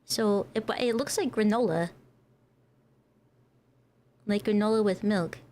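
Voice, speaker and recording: A woman's voice: medium pitch, unhurried, dark tone. An American woman who streams as a VTuber, chatting casually with her viewers and laughing often. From United States. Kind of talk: casual livestream chat.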